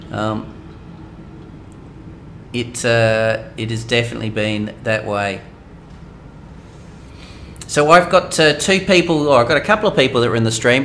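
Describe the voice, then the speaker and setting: A man's voice: mid-range voice, a bit bright, slight background noise. Australian man chatting on a live stream. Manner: hesitant, many ums, reads chat aloud. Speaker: game streamer. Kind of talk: casual live-stream chat.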